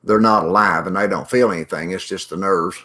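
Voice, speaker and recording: A man's voice: low voice, a little fast, bright, forceful tone. A middle-aged man hosting a casual livestream, rambling in a folksy way and greeting viewers by name as he reads the chat.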